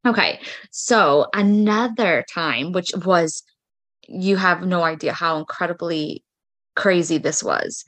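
A woman's voice: fairly low pitch, takes it slowly, a bit bright. A woman podcast host chatting through personal spiritual stories, full of fillers like "like" and "freaking". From United States. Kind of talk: casual storytelling monologue.

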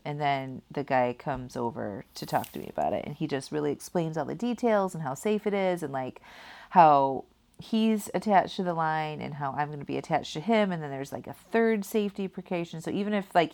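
Low, gravelly woman telling a story. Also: a little mellow. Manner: rambling, heavy use of "like" and "kinda"; laughs at herself while telling the story. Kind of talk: casual personal storytelling.

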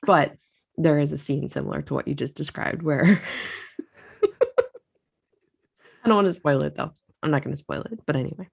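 A woman's voice: deep voice, moderate pace, gravelly, long pauses, breathy edge. A woman co-hosting a casual chat podcast, talking enthusiastically and repeating herself. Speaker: podcast co-host.

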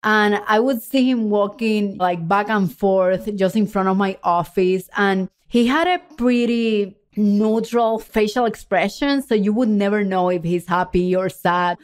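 A woman's voice: mid-range voice, steady tone, unhurried, hardly any pauses. A middle-aged woman from Puerto Rico with a Puerto Rican accent, a podcast host telling a personal story in an earnest, conversational way and speaking straight to the listener. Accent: Puerto Rican Spanish.

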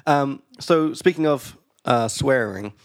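Relaxed man chatting, dry sound. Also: medium pitch, slow pace, no room sound. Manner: relaxed, laughs often, trails off and restarts. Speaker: podcast co-host. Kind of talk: casual chat.

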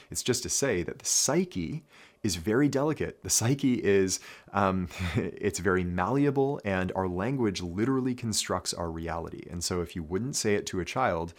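Male mindset coach, very low voice, earnest, repeats key points. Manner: earnest, repeats key phrases, frequent "right?" and "okay?". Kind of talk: instructional talk to athletes.

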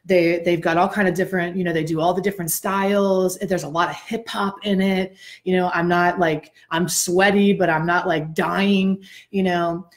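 A woman's voice: fairly low pitch, moderate pace, few pauses. Chatty, slightly breathless woman podcast host. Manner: animated, chatty, talks to listeners directly. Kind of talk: casual storytelling chat.

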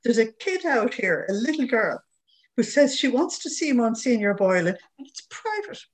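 A woman with an Irish accent quoting a brisk, doubtful female housekeeper, her voice a little raised. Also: fairly high pitch, big pitch swings, pitched above the performer's own voice.

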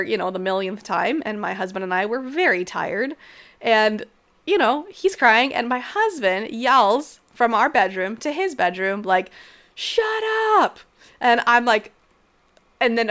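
A woman in her thirties hosts solo, chatting casually and frankly about health and habits. Her medium-pitched voice is a bit bright, and she says "like" constantly and laughs often.

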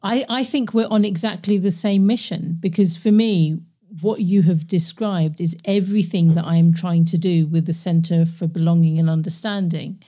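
Mellow low-voiced woman host. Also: fairly even intonation, moderate pace, few pauses. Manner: earnest, reflective, with listening murmurs. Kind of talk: interview conversation.

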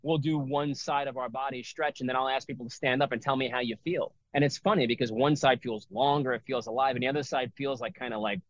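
A man's voice: mid-range voice, steady tone, fast, few pauses, dry recording. Rambling middle-aged man, dull dry audio. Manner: loose, rambling, full of fillers and restarts. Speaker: breathwork and yoga teacher. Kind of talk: casual interview talk.

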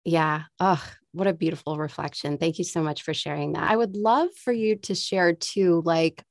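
A woman's voice: lowish voice, normal speed, no echo, studio quality. A woman hosting a podcast interview, effusive and openly emotional, laughing often. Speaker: podcast host.

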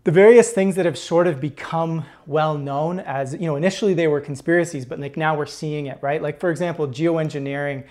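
Halting, emotional male podcast host. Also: on the high side, darkish tone. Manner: emotional, halting, many restarts and fillers. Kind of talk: conversational interview.

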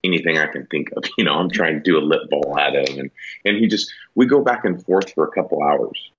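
In a very deep, fairly bright voice, an elk hunter briskly recounts a hunting story as a podcast guest, rambling and filling gaps with "like" and "you know." The lo-fi recording is dull, with a little hiss or hum.

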